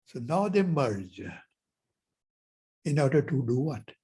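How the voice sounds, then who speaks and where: A man's voice: medium pitch, big pitch swings, slow, pauses often, mellow, slightly rough. A man giving a university lecture as professor, telling stories and acting out the dialogue. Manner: storytelling, acts out dialogues. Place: lecture hall.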